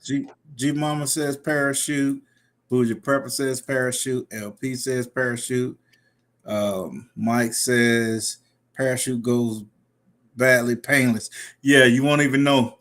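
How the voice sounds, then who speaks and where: A man's voice: mid-range voice, steady tone, slow, a bit bright. Laid-back male livestream host. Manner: reads out viewer comments, laughs often. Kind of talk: casual live-stream chat.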